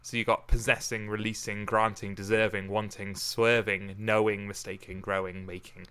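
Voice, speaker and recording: A man hosting a casual podcast, reading a sonnet in a measured way and then chatting about it with many restarts. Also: fairly low pitch, little pitch movement, sharp tone, clean tone. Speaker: podcast host.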